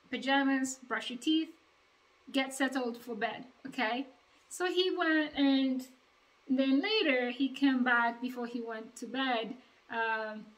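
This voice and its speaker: A woman talking straight to her viewers about raising her boys. Her voice sits a little high, and she retells home moments in a lively, chatty way, slipping into the voices of the people in the story. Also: rough recording. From Uganda. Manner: chatty, animated retelling with quoted dialogue. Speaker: vlogger, mother of two. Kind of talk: casual storytelling to camera.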